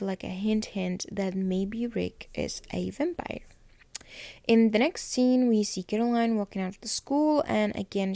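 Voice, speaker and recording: A woman's voice: mid-range voice, vocal fry, warm tone, no room sound. A young woman hosting a podcast, casually recapping a TV episode in a chatty style full of fillers. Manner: chatty, filler-heavy retelling with quoted dialogue. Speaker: podcast host.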